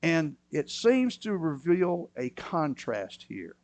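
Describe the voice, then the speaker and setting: Man, pastor, sermon, slightly high voice, dry close sound, quiet asides and loud bursts. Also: sing-song, slow, no echo.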